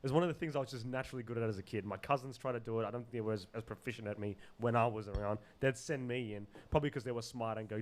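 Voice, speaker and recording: A man telling stories as a podcast guest, animated and loose with slang and swearing, laughing often. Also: medium pitch, very fast, hardly any pauses. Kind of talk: casual storytelling in an interview.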